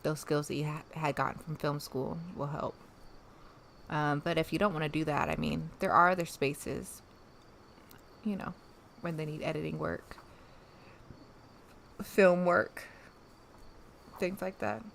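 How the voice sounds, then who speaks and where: A woman from the American South with no regional accent hosts a casual livestream and answers viewers' questions. Her voice sits low, and she talks chattily, trailing off into fillers and restarts. Faint crickets chirp in the background. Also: steady tone, unhurried, vocal fry, pauses often, a little hiss or hum. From Southern United States. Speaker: livestream host.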